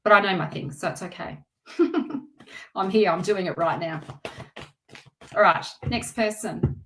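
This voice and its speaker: A woman's voice: fairly low pitch, measured pace, long pauses, a bit bright. A woman hosting a tarot and astrology live stream, chatting casually with viewers in an effusive, emotional way.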